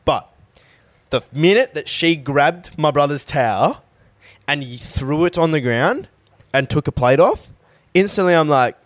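A young man, co-hosting a casual podcast, excitable and swearing freely. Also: a little high, measured pace, no echo. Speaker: podcast co-host. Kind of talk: casual chat.

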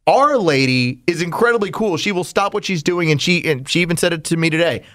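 A man's voice: a little high, expressive, fairly quick, a bit bright. A man hosting a radio show, telling stories and teasing his co-host in a casual chat. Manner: teasing, storytelling.

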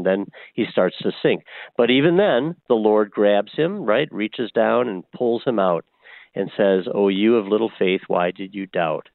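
Priest on a tinny phone line. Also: male voice, lowish voice, gravelly, no room sound. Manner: gentle, reflective, many fillers. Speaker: Jesuit priest guest. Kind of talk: radio call-in conversation.

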